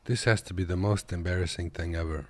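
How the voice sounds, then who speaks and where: Deep-voiced man in laid-back commentary. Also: fairly even intonation, fast, noisy background. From Kazakhstan. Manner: laid-back, joking, talks to viewers as "boys". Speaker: truck driver and reaction video host. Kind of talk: casual reaction commentary. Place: at his desk.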